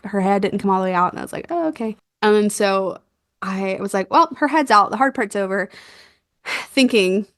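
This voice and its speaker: A young woman telling a birth story in a casual chat, animated and quick to laugh, acting out what was said. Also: medium pitch, dry recording, studio quality. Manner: animated, laughs often, acts out quotes. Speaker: guest, doula.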